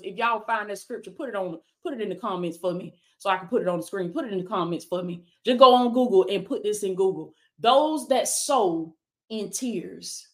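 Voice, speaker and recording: A woman preaching a motivational sermon on a livestream, calling out to viewers with "come on now" and "baby" and reading out their comments. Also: medium pitch. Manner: reads viewer comments aloud. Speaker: life coach and preacher.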